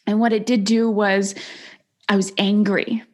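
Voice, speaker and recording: A woman in her forties, a podcast host, telling a personal story in a reflective, earnest way and slowing down on the words she stresses. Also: mid-range voice, little pitch movement. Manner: reflective, earnest, slows down on emphatic phrases.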